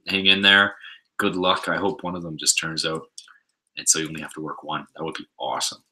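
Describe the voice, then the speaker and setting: A man's voice: very deep voice, fairly quick, pushed and bright, low-quality recording. A man casually chatting on a livestream, answering viewer questions in a laid-back, rambling way. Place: home livestream setup.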